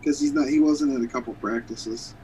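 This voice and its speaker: A man's voice: mid-range voice, fairly even intonation, fairly quick, warm tone, a little hiss or hum, low-quality recording. A man with a Pittsburgh accent on a sports podcast, teasing and blunt. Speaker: podcast co-host. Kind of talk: casual sports chat.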